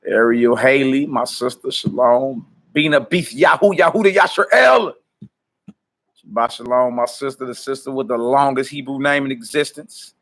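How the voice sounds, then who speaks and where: A man's voice: medium pitch, level tone, moderate pace, hardly any pauses. A man hosting a casual ministry livestream, greeting viewers by name, hyping them up and laughing often. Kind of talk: casual livestream chat before prayer.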